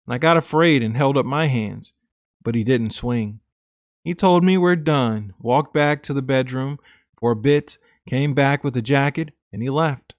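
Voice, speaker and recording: A man's voice: medium pitch, no room sound, clean studio sound. A man narrating a woman's confessional true story in the first person, in an earnest, plain scripted reading.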